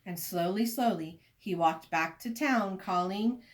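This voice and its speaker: A woman reading a children's story aloud, expressive and inviting listeners to join in. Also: medium pitch, a little slow, hardly any pauses.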